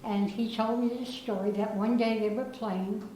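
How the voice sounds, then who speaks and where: A woman's voice: mid-range voice, fairly even intonation, moderate pace, warm tone, slight background noise. Older woman telling stories in an echoey room. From Germany. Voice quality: slightly slurred from dental work. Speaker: guest speaker presenting prizes. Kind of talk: storytelling speech. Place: chess club reception room. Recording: echoey room, faint ambience.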